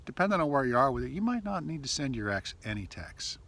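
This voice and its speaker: A relationship coach gives advice in a casual video to camera, his mid-range male voice sing-song, quick, and a bit bright. He talks in a loose, conversational way with frequent fillers, acting out sample texts.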